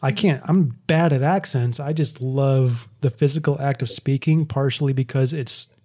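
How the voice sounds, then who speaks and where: A man in loose, casual chat who rambles from one thought to the next, laughing often and restarting his sentences. His pitch sits at an ordinary, middle level for a man. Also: moderate pace, a little mellow.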